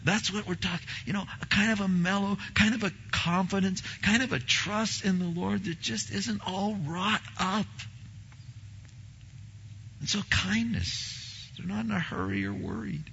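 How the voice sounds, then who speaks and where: A male pastor preaching a sermon with a bright, forceful edge and a rough, gravelly texture. He tells his stories in an animated way, acting out the dialogue and repeating words as he builds. The recording sounds dull and lo-fi. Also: high voice, measured pace, a little hiss or hum.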